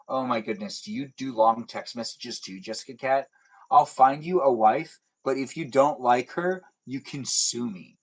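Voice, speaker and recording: In a low-quality recording, a young man hosts a laid-back livestream, rambling and poking fun at himself as he replies to viewer comments. His voice is mid-range, at a moderate pace.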